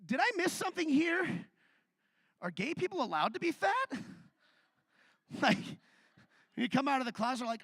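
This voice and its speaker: Male stand-up comic, high bright voice, dry close sound, chatty and self-mocking. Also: big pitch swings, measured pace, long pauses, no room sound. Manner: conversational, self-deprecating storytelling. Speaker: stand-up comedian. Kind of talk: live stand-up set. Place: theatre stage.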